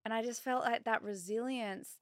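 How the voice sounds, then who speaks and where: A woman's voice: a little high, fairly even intonation, moderate pace, no echo. Earnest woman, dry close sound. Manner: earnest, emotional, sympathetic. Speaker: podcast co-host. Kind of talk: casual chat.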